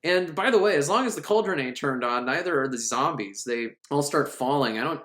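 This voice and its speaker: A man recapping a film in a sarcastic, profane, animated way. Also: fairly high pitch, brisk. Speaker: movie reviewer. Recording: roomy echo.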